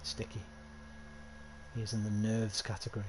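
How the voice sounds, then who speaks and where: A man's voice: lowish voice, monotone, moderate pace, noisy background. A man giving casual, self-mocking commentary while streaming a game. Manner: chatty, self-mocking, thinks aloud. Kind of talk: casual let's-play commentary.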